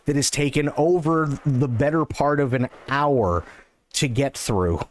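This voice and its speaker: A male streamer telling a long story in a rambling, run-on way, with excited self-quotes. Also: medium pitch, a little slow. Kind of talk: casual storytelling.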